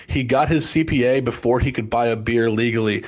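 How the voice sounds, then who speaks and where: A middle-aged man, a test prep company founder, telling long stories with quick asides and restarts in a casual podcast interview. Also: medium pitch, darkish tone. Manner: chatty storyteller, many restarts and asides.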